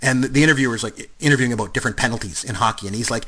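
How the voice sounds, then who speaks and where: A man's voice: medium pitch, rapid-fire. A Canadian man in his fifties co-hosting a podcast, chatting loosely about movies with lots of fillers and restarts. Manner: rambling, animated, lots of fillers. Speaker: podcast co-host. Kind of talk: casual movie chat.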